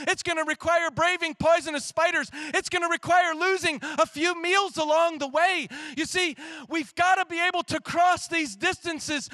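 A man preaching a sermon in a church as pastor, conversational and animated, at times shouting. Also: very high voice, no room sound.

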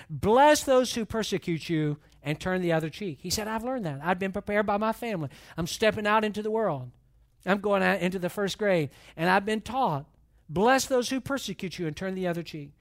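A man preaching a sermon as pastor, reading and retelling a story with rising, emphatic intensity. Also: sits high. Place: church.

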